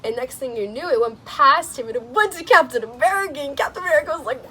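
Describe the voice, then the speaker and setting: A young woman vlogger chatting casually about a movie she just saw, gushing and excitable, with lots of "like"s, laughs and sighs. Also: fast, hardly any pauses. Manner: gushing and excitable, many "like"s, laughs and sighs, swings into squealing high quotes. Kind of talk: casual chat.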